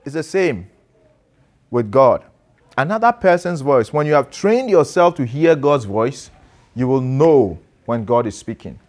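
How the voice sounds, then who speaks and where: A man's voice: medium pitch, very animated, a little slow, a little mellow. A man preaching an interactive sermon to a class, asking questions and calling on people to read. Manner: conversational, asks listeners questions and calls on them to read. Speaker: pastor teaching a class.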